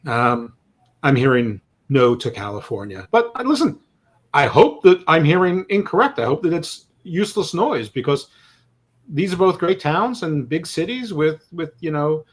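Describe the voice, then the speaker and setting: A man's voice: fairly high pitch, very animated, moderate pace, breathy edge. Rambling, joking male sports podcaster. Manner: rambling, jokey, stammers on restarts. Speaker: podcast co-host. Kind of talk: casual sports chat.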